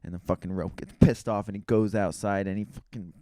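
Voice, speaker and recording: A man's voice: lowish voice, steady tone, brisk, dark tone, no room sound. A young man co-hosting a casual podcast, telling jokes playfully and putting on voices for the characters. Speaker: podcast co-host. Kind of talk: casual joke-telling chat.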